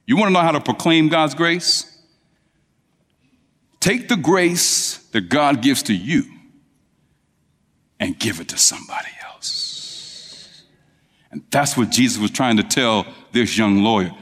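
Male preacher, lively storytelling sermon, mid pitch, long hall echo. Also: measured pace. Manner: animated, rising to high emphatic peaks. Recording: long reverb of a large hall.

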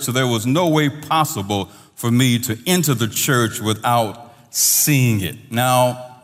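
A male pastor telling a story in a sermon, animated, his voice trailing off softly at the ends of phrases. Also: medium pitch, slow pace, long reverb tail, soft background music.

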